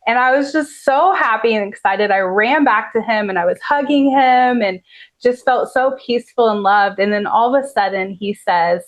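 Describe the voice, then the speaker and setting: A woman's voice: fairly high pitch, normal speed. A woman who is a podcast guest, telling a personal story in an earnest, heartfelt way with many "like" fillers.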